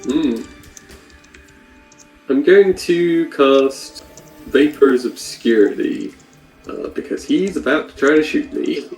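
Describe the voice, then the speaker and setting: A man playing a tabletop game, thinking aloud in an unhurried way. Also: fairly high pitch, lively intonation, darkish tone, soft background music, rough recording. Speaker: player. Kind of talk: casual tabletop play.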